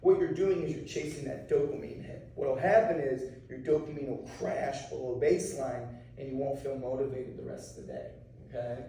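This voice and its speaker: A martial arts instructor talking casually to a class of students, often checking in with "okay?" and "right?". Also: male voice, mid-range voice, fairly even intonation, moderate pace, few pauses, warm tone, slight background noise. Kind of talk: anti-bullying talk to a class. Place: school room with students. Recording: echoey room, mic far off.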